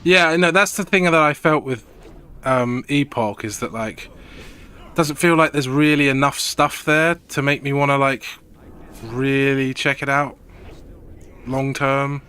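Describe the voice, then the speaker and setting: A man's voice: mid-range voice, measured pace, pushed and bright, clear, resonant tone. Sweary man rambling on a gaming stream. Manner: rambling, sweary, laid-back. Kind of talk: casual gaming stream chat.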